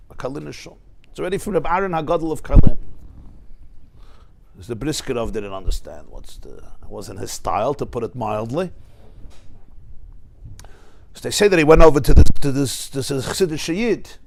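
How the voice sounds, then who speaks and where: Animated rabbi telling stories in class. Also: male voice, fairly high pitch, vocal fry. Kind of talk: lively classroom lecture with anecdotes.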